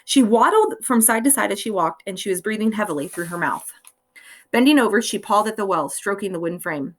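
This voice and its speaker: Expressive woman reading a novel aloud. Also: medium pitch, a little fast. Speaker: reader.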